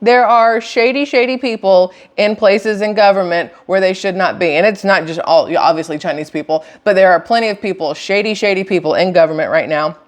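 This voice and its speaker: Brief: woman vlogger, chatty political commentary, emphatic, mid-pitched voice. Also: a little fast, few pauses. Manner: emphatic, repeats words for stress. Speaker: host.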